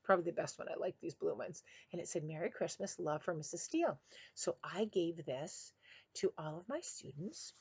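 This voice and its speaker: A woman's voice: on the low side, moderate pace, vocal fry, slightly rough. A woman, a former kindergarten teacher, chatting in a rambling, friendly way after a read-aloud, recorded on a headset mic. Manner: chatty and rambling, with bursts of excitement. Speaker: retired kindergarten teacher reading picture books.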